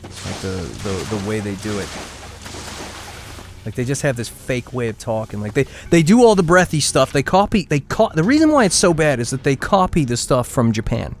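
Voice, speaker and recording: A man streams a game with live commentary, rambling and ranting, laughing often and restarting his sentences. His medium-pitched voice is very animated at a normal speed, and he piles on exaggerated complaints while faint music plays behind him.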